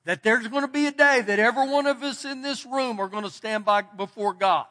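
Man, pastor, very high voice, emphatic folksy sermon, long church reverb. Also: fairly quick, bright, forceful tone. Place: church sanctuary.

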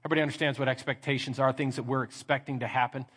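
A middle-aged man preaching a sermon as pastor, lively and acting out little scenes in mock voices. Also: medium pitch, very fast, husky. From Texas. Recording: reverberant church hall.

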